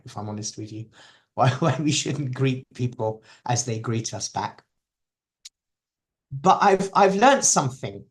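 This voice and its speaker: A man with an English accent giving a chatty devotional talk, sharing stories and asking the audience questions. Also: medium pitch. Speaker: preacher.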